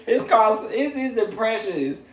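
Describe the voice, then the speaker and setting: A man hosting a livestream in casual chat, animated, slangy and profane, laughing often. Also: high voice, measured pace, echoey room. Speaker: channel host on a livestream.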